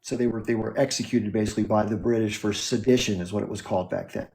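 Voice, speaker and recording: Mellow-voiced American man hosting a live stream. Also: on the low side, steady tone. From United States. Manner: measured, lecturing, repeats the caller's name. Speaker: livestream host.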